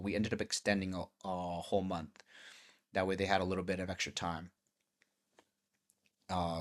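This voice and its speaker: In a loose, casual vlog, a man with a fairly low voice tells a long story. He's animated and profane, acting out both sides of each conversation as he goes.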